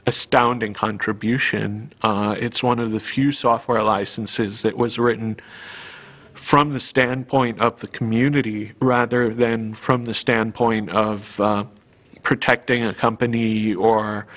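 A man speaking earnestly in a documentary interview, pausing often with an uh. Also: lowish voice, a bit bright. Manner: earnest, with frequent uh pauses. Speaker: interviewee, software developer.

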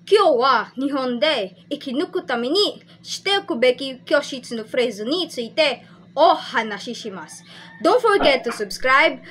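A woman teaching a language lesson, explaining phrases slowly and patiently and repeating each one. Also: sits high, lively intonation, a bit bright, a little hiss or hum, rough recording.

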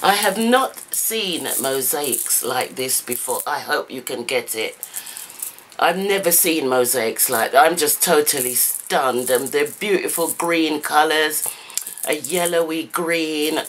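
Woman craft vlogger, gushing and exclaiming, lowish voice, noisy home camera recording. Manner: gushing, excitable, repeated exclamations. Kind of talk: unboxing vlog. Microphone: camera mic.

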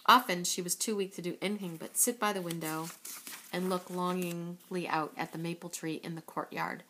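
A woman's voice: lowish voice, moderate pace, slight background noise. Woman reading a children's book aloud. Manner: steady, with occasional slips and self-corrections. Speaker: reader.

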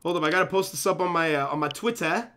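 A man in his twenties streaming a game live, chatting excitably to his viewers and constantly cutting himself off with "hold up". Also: a little high, racing, smooth. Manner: excitable, fidgety, keeps saying "yo" and "hold up". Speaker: gaming streamer. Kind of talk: casual live-stream chat while playing.

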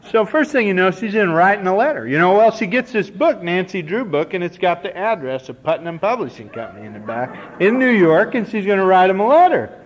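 A man's voice: high voice, sing-song, fairly quick, hardly any pauses. A man in his forties from Nebraska telling a folksy, self-deprecating personal story to a recovery meeting. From Nebraska, United States. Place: conference hall. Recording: dull, slightly hissy old cassette tape.

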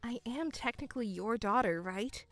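A woman voicing a calm, cold young stepdaughter in a dramatized story, speaking in a measured, coolly firm way. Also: fairly high pitch, no room sound, faint music behind, voice pushed down. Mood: composed.

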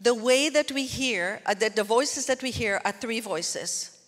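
A woman's voice: fairly high pitch, unhurried. Woman preaching in a reverberant church hall. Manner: earnest, conversational preaching with asides to the congregation. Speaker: pastor. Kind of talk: sermon.

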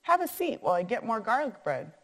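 A woman's voice: on the high side, sing-song, fairly quick, voice pushed up. Woman reading cheery storybook husband; bouncy, joking, echoey. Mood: jovial. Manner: jovial, breezy, joking. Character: cheerful easygoing husband serving food.

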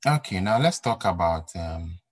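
A man with a very low, deep voice teaching an exam-prep accounting class. He drives points home by repeating them and asking his listeners whether the idea is clear. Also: animated, normal speed, no room sound, rough recording. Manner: repeats key points for emphasis, asks rhetorical questions. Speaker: accounting lecturer. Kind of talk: recorded exam-prep lecture.

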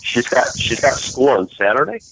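A man's voice: medium pitch, sing-song, normal speed, fairly bright tone, slight background noise. A man hosting a call-in Bible study, questioning listeners and prompting them for answers. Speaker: host leading a Bible study. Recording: dull, dry lo-fi sound.

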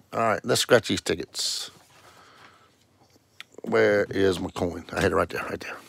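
A man's voice: lowish voice, expressive, a little slow, gravelly, long pauses, no room sound, studio quality. A man hosting a casual live stream, greeting viewers one by one in a sing-song way and calling out scratch-ticket numbers. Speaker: livestream host.

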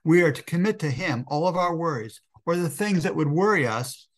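A man's voice: a little high, lively intonation, a little fast. A middle-aged man preaching a sermon as a pastor. He talks earnestly, calls his listeners friends and often stops to restart a word.

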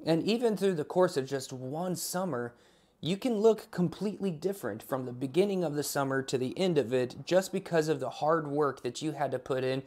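A man's voice: a little high, moderate pace, darkish tone. A man preaching an online sermon in a casual, conversational way, opening with a spoken prayer. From Alaska. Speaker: pastor.

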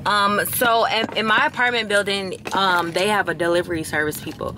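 Venting and chatting to her viewers, whom she calls y'all, a young lifestyle vlogger talks casually and expressively to camera. She has a mid-range voice and a brisk delivery over a noisy background.

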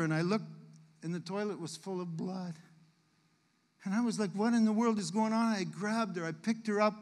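Earnest high-voiced man preaching in church. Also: in a large hall. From Canada. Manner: earnest storytelling, emotional. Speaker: guest missionary speaker. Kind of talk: sermon testimony. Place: church sanctuary.

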